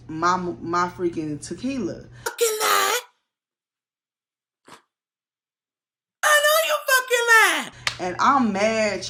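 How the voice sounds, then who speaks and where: A woman in her mid-thirties telling a rambling personal story to her viewers, chatty and animated. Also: lowish voice, creaky, slight background noise. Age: 30s.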